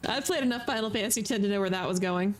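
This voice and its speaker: A woman's voice: mid-range voice, very fast, faint music behind. A woman streamer giving playful, chatty commentary while she plays a video game. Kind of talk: casual gameplay commentary.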